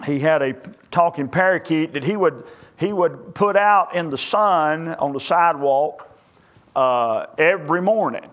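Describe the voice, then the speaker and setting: A man's voice: a little high, lively intonation, a little slow, a bit bright. A man preaching a sermon, telling folksy stories and plain jokes between scripture readings.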